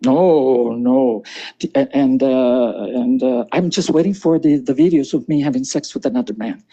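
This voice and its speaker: Husky older man, insistent and repetitive. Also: mid-range voice, moderate pace, warm tone, highs cut off. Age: 60s. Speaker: live stream guest. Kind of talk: heated live stream argument.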